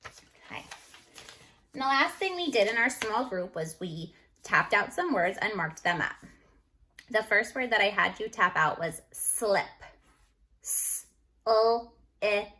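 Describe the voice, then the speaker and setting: A woman teacher going over a phonics lesson on a video call, slowly sounding out letters and words. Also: mid-range voice, expressive, pushed and bright. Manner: slow, deliberate, sounds out each letter. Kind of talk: recorded phonics lesson review.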